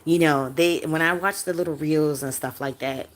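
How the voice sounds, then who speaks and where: Woman, deep voice, livestream host, blunt, profane, emotional, near tears. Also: normal speed. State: close to crying. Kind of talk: emotional livestream chat with viewers.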